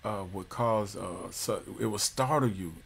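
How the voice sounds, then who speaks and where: A man's voice: on the low side, measured pace, creaky, husky, full character voice. A man voicing a worried cab passenger in a joke he tells.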